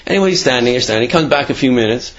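A man's voice: mid-range voice, lively intonation, rapid-fire. A man casually telling religious stories, rambling with many fillers and restarts. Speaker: Torah storyteller. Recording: dull lo-fi recording.

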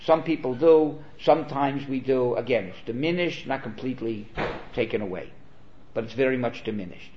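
Man, rabbi giving a Torah class; earnest, explanatory, mid-pitched voice, muffled lo-fi audio. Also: moderate pace, noisy background. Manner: earnest, explanatory, with Hebrew terms. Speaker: rabbi teaching. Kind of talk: Torah lecture. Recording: dull, lo-fi recording.

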